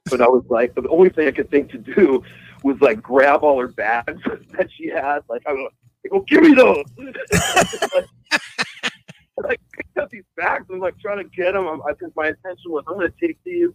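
A man's voice: on the high side, brisk. A man, a guitarist calling in as a guest, telling a story in a rambling casual way, swearing freely and laughing along. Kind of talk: casual storytelling over the phone. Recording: muffled call-in phone line.

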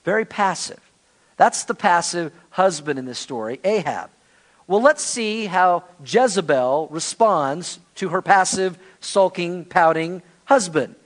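Brief: man pastor, animated conversational sermon, high voice. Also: measured pace.

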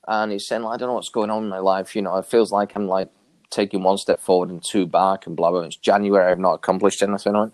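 Animated storytelling man, low dry voice. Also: quick pace, no echo. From New York area. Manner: animated, acts out quoted dialogue with big pitch jumps. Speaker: interview guest. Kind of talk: casual storytelling.

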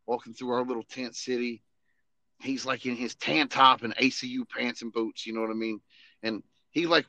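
A man, an Army veteran and podcast host, telling a casual, animated story full of swearing and "you know what I mean". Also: mid-range voice, no room sound.

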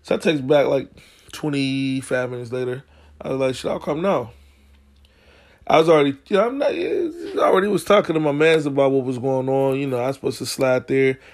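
Speaking a little fast in a medium pitch, a man hosting a podcast spins a casual, profane, slang-heavy story. Retelling arguments, he becomes heated and loud.

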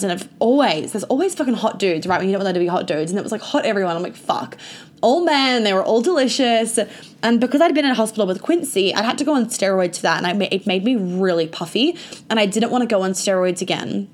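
A woman's voice: medium pitch, animated, fast. Chatty young woman, swearing freely. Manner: chatty, full of "like" and frequent swearing. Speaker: vlogger. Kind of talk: casual storytime monologue.

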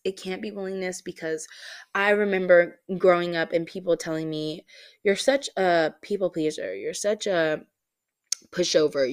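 Woman host, lowish voice, dry close mic, candid personal story with lots of um and like. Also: no echo. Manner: candid, animated, many fillers. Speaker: podcast host.

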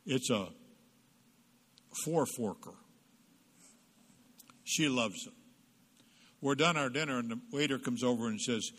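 Male guest speaker, comic church talk; bright, emphatic, plays both sides of dialogue. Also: medium pitch, expressive, a little slow, long pauses, slightly rough, in a large hall. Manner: comic storytelling, acting out both sides of conversations; punchy, emphatic asides to the audience.

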